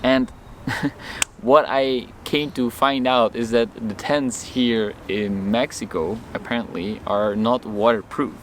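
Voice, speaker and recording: Man, casual vlog storytelling, medium pitch, animated, faint noise outside. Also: slow. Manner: animated, acts out his own and others' lines in the story. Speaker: vlogger.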